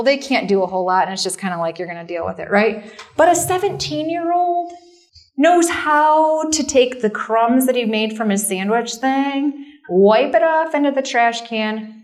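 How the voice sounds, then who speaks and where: High-pitched woman speaker, middle-aged, casual sermon, informal and self-mocking. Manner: chatty, self-deprecating, lots of "like" and "right?". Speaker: camp meeting speaker. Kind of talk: conversational sermon.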